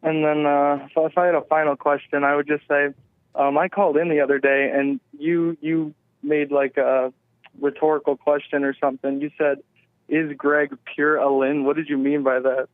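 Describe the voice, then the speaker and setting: A male caller on a thin, tinny phone line, talking in a halting, casual manner. His pitch barely moves, staying flat and level throughout. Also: no echo. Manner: halting, informal. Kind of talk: phone-in call.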